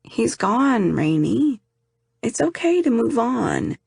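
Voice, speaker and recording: Woman voicing a gentle, teasing male best friend. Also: a little high, big pitch swings, takes it slowly, vocal fry, slightly rough, no echo, clean studio sound, pitched above the performer's own voice, full character voice. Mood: urging. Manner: gentle, reassuring, playful. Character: affectionate young man, teasing best friend.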